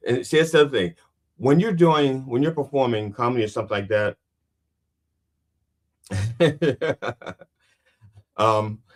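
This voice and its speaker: A man hosting a podcast who also performs stand-up, talking in a rambling, self-questioning way and swearing casually. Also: medium pitch. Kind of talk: casual chat. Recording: roomy, distant mic.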